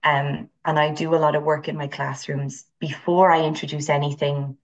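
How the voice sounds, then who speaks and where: A woman with an Irish accent, a teacher speaking as an interview guest and telling animated stories from her classes. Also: low voice, moderate pace, dull audio. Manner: animated storyteller, acts out voices. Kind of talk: conversational interview.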